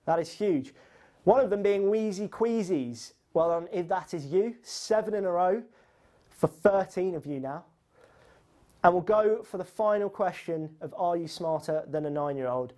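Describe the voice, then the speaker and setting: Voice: mid-range voice, animated, normal speed, darkish tone. A quiz host running a live online quiz, reading out questions and scores in a chatty, teasing, upbeat way.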